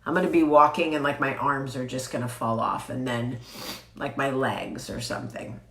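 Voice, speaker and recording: Woman, sick with a cold, low pitch, slow, chatty, blunt, swears casually, echoey room. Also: gravelly, a bit bright. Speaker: vlog host. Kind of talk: casual chat to camera. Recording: roomy echo.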